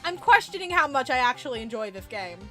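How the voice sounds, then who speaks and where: Over faint background music, a young woman talks fast in a high-pitched voice while streaming a game. Her casual live-stream commentary is animated and full of swearing, frequent laughter, and jokes at her own expense.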